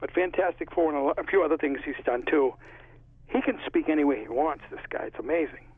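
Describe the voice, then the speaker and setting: A man's voice: fairly high pitch, fast talker, dry recording. A man with a Connecticut accent, an author chatting in a casual interview and rambling through stories. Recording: tinny phone line, husky.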